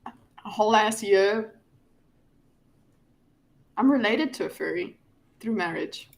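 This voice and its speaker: A woman's voice: mid-range voice, lively intonation, takes it slowly, gravelly. A woman from South Africa with a South African accent, chatting casually and cooing over cute things. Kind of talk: casual chat.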